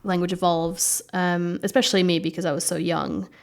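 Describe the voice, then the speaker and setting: A woman from the United States with an American accent softened by British intonation, speaking as an interview guest in a chatty way with many fillers. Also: lowish voice, little pitch movement, moderate pace, gravelly. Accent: American with British-influenced intonation. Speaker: guest, legal expert. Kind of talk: conversational interview.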